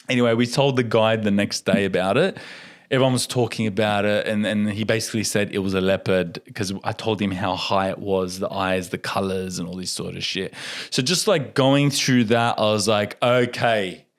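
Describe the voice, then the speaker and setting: A young man, a podcast guest, telling a story in a casual and animated way, laughing often and acting out what people said. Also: medium pitch.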